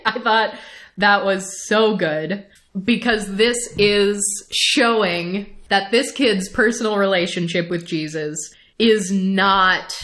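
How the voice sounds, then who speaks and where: A young woman with a medium-pitched voice co-hosts a podcast and recaps a show. She's casual and animated, laughs often, and keeps restarting her sentences.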